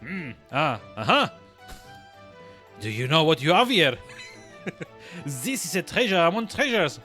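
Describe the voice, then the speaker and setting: A man's voice: on the high side, sing-song, unhurried, bright, forceful tone, soft background music, pitched above the performer's own voice, heavily acted. A man putting on a snooty French-accented merchant. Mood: haughty. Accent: put-on French. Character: pompous busy merchant with a thick put-on French accent.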